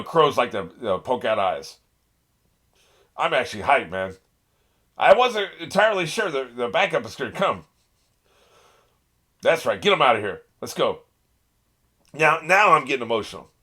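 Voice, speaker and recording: With a sharp, medium-pitched voice, this man hosts a reaction channel and riffs on an anime episode. His commentary is casual and heated, full of laughter and curses aimed at the characters.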